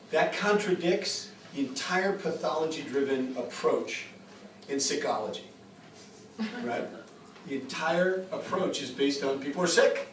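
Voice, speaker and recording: A man with a fairly high voice gives an informal lecture at a group retreat, mixing stories with points and asking "right?" often. He is captured from a distance in an echoey room with faint hiss underneath. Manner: animated, chatty, rhetorical "right?".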